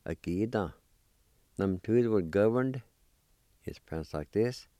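A man's voice: fairly low pitch, animated, a little slow, pauses often, dark tone, no echo, clean studio sound. A man teaching a language lesson, carefully spelling out and repeating words for learners.

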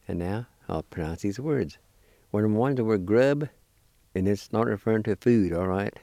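A man giving a weekly language lesson, deliberately spelling out and pronouncing words syllable by syllable. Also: on the low side, creaky, warm tone, no room sound. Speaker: language teacher.

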